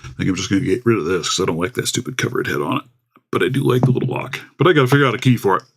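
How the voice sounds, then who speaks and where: Speaking into a desktop USB mic, this livestream host chats and rambles from home, calling out viewers by name. He has a lowish, slightly rough voice and talks very fast in an animated way.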